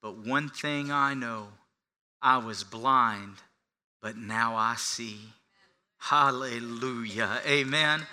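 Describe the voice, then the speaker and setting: A man preaching a sermon, moving between quiet, hushed passages and loud, emphatic ones, and acting out the lines of the man he tells about. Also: mid-range voice, slow pace. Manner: acts out the beggar's lines with a raised voice. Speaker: pastor.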